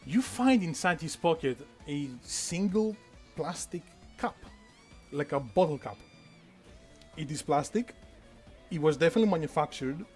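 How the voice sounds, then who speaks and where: Man, game master, fairly high voice, rambling narration, lots of fillers. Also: animated, unhurried, pauses often, darkish tone, faint music behind. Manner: rambling, full of fillers and asides.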